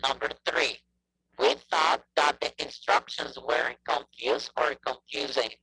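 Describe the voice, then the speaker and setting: A man teaching an online English class over a video call, often checking in with "okay?" and pausing on hesitant fillers. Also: mid-range voice, steady tone, gravelly, pushed and bright, slightly rough, no echo, rough recording.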